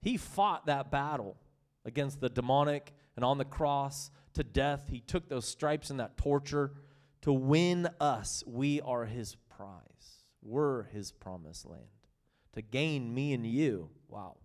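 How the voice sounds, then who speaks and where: A man preaching a sermon with passion, swinging between loud excitement and hushed, tender reading. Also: mid-range voice, slow.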